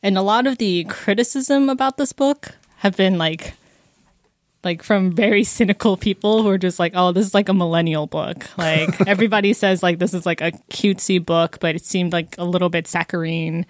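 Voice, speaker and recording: A woman's voice: medium pitch, moderate pace, dry recording. A woman in her twenties chatting casually about a book, with lots of fillers and bits where she quotes people. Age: 20s. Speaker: book discussion co-host.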